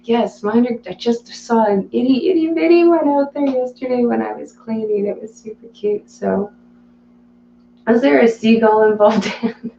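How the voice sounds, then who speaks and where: Woman streamer with a gravelly edge, chatty and laughing between chat reads, in a roomy, slightly dull home recording. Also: a little high, moderate pace, mellow, slight background noise. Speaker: live streamer reading chat. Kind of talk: casual live-stream chat.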